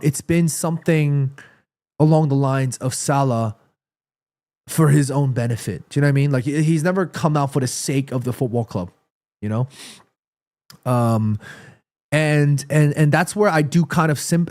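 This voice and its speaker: A man, raised in New York and born in South Korea, hosting a casual football live stream. He is tired and under the weather, rambling and repeating words as he gives animated opinions. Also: a little high. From born in South Korea, raised in New York City. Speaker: livestream host.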